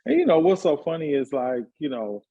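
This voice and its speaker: Husky fifty-something guy chatting easy about his life, kinda dull lo-fi sound. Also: a little high, fairly quick. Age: 50s. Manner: relaxed storytelling with frequent fillers. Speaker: guest, hairstylist and party promoter. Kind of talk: casual conversational interview.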